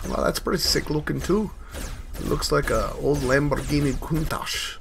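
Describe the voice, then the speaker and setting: A man hosting a gaming channel, giving casual gameplay commentary with profane, excitable outbursts at his teammates. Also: on the high side, moderate pace, gravelly, noisy background.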